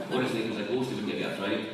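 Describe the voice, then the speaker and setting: A man giving a deadpan, joke-filled after-dinner speech. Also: mid-range voice, background noise. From Scotland. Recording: echoey room from far off. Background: audience laughter.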